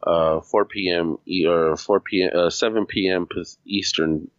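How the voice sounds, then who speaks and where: Very deep-voiced man, halting chat. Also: fairly even intonation, no room sound, highs cut off. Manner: halting, restarts often, swears when flustered. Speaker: podcast co-host. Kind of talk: casual chat.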